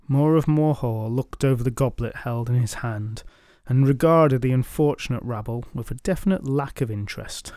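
A man's voice: mid-range voice, moderate pace, hardly any pauses, dark tone, dry recording. Wry male storyteller, dry close sound. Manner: wry, dryly humorous. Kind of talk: scripted narration.

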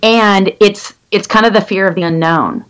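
A woman in her fifties, a guest telling her own story in a candid, halting way with many restarts. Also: medium pitch, a bit bright, clear, resonant tone, rough recording. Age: 50s. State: legally blind. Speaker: interview guest. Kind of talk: personal story in conversation.

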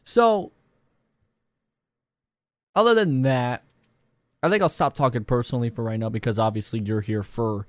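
Young male YouTuber, mid pitch, rambling casual vlog delivery, dry close mic. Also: moderate pace, pauses often, dry recording. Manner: rambling, self-deprecating, many fillers.

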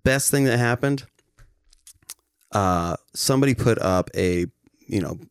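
A man's voice: on the low side, lively intonation, measured pace, vocal fry, clear, resonant tone, dry recording, clean studio sound. A young man co-hosting a casual podcast chat, rambling and swearing freely, laughing at his own jokes. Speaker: podcast co-host.

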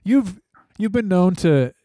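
A laid-back man chatting with a fairly high but mellow voice. He talks haltingly, stopping and restarting often. The recording is dry and close. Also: animated, no room sound. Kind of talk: casual chat.

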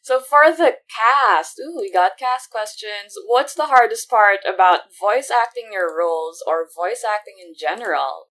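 A woman's voice: mid-range voice, lively intonation, a little slow, few pauses, a bit bright. A woman hosting a casual chat, reading out listener questions for the cast. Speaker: podcast host asking questions.

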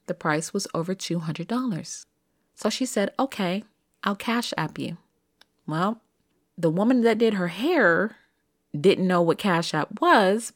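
A woman's voice: lowish voice, no room sound, studio quality. A middle-aged woman telling a story in a chatty, emphatic way, asking rhetorical questions, as a podcast host. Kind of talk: casual storytelling monologue.

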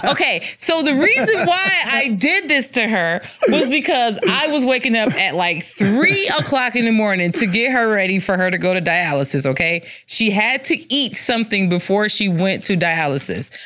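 Lively, giggly woman with a blunt tongue. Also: mid-range voice, normal speed, hardly any pauses. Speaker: co-host. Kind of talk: casual chat.

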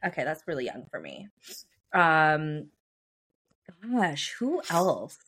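A woman's voice: deep voice, wildly swooping pitch, slow pace, fairly bright tone. A young woman co-hosting a podcast, chatting casually and gushing, with lots of filler words. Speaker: podcast co-host. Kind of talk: casual chat.

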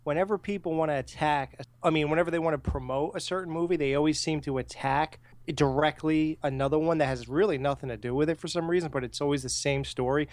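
A man co-hosting a podcast, telling stories in a casual, animated way and swearing freely. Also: a little high, fast, few pauses, no echo. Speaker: podcast co-host. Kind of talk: casual profane chat.

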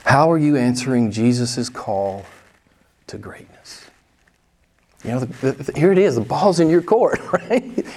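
A man in his sixties with a high-sitting, darkish voice preaches in a church sanctuary. His sermon is candid and conversational, and he puts pointed questions to his congregation.

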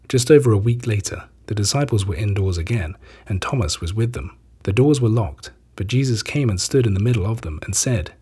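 A man reading scripture aloud in a measured, solemn way. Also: fairly low pitch, lively intonation, dark tone, slightly rough. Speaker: scripture reader.

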